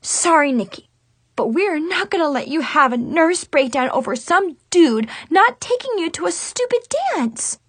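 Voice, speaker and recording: A woman's voice: high-pitched, slow pace, dry recording, pitched above the performer's own voice. A woman voicing a peppy, outspoken teenage girl best friend in an audiobook. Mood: fuming. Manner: loud and showy.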